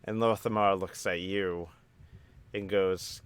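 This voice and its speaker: Slow, low-voiced game master. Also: male voice, a bit bright, slight background noise. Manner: dramatic, deliberate narration. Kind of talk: narrating a tabletop game.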